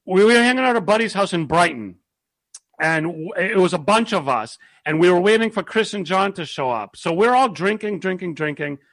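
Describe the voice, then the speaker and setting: A man telling a casual, animated story, laughing often and shouting when he quotes himself. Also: sits high, fairly quick.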